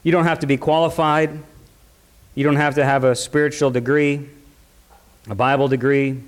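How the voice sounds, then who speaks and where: A man's voice: mid-range voice, little pitch movement, moderate pace. A man preaching a sermon at a church service, passionate and full of rhetorical questions. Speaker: pastor.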